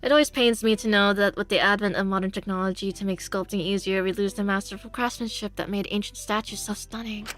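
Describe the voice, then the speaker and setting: A woman reads out an aloof young woman from a visual novel who lectures on statues in a cool, critical tone, her voice bright and clear. Soft game music plays behind her. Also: medium pitch, fairly even intonation, fast talker, few pauses, close to an everyday voice. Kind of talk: voicing a visual novel character.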